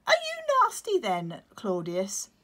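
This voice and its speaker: A woman reading a storybook aloud, voicing an excited little male penguin chick who talks in high, breathless bursts. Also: takes it slowly, heavily acted. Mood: curious. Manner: eager, bouncy, breathless.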